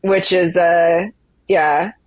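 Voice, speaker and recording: A woman's voice: on the low side, steady tone, extremely slow, no room sound. A woman guest telling running stories in a casual interview, chatty and often laughing. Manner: chatty storytelling, frequent laughter. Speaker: guest, ultra runner.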